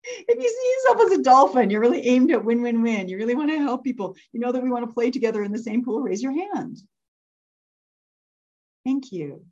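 A woman's voice: on the high side, brisk, warm tone. Woman, workshop leader, chatty and giggly, asks the room for hands, slightly muffled lo-fi sound. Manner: laughs often, asks the group to raise hands. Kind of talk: interactive workshop teaching.

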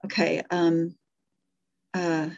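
A woman's voice: on the low side, flat delivery, extremely slow, creaky, a little mellow, muffled recording. A middle-aged woman teaching a live workshop on speaking, demonstrating examples aloud and correcting herself as she goes. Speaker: communication coach.

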